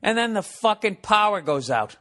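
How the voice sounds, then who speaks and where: Casting: male podcast comedian, slightly high voice, profane and ranting, in his forties. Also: normal speed. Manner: profane, ranting, animated storytelling. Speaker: podcast host.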